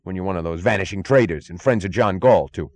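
A man voicing a blustering male prison chief who yells in frantic panic in an audiobook. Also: fast talker, dry recording. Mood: agitated. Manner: shrill, yelling, frantic. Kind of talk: audiobook character voice.

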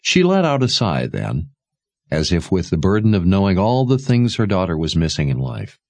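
A man narrating a novel aloud in a measured, expressive storytelling manner. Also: deep voice, vocal fry, dry recording. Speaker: audiobook narrator. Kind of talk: scripted narration.

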